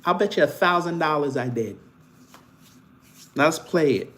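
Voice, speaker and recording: A man's voice: on the high side, expressive, normal speed, fairly bright tone. Taunting man on a live stream. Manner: taunting, teasing banter with laughs. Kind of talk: casual live-stream commentary answering chat.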